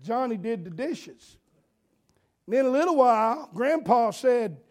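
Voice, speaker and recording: High-voiced preacher telling homespun stories. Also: male voice, a little slow, a little mellow. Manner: homespun, repetitive, earnest. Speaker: pastor. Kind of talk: folksy sermon storytelling.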